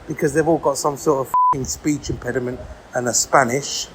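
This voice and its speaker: A man's voice: fairly high pitch, fairly even intonation, moderate pace, fairly bright tone, a little hiss or hum, rough recording. A British man sending a rambling, crude voice log from a cruise ship, full of ums and uhs. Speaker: foreign correspondent. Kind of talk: recorded voice log.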